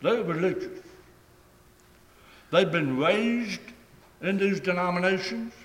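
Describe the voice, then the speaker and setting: A man preaching a sermon in a deliberate, emphatic way, stretching key phrases and letting them fall away at the ends. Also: high voice. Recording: echoey hall with long reverb.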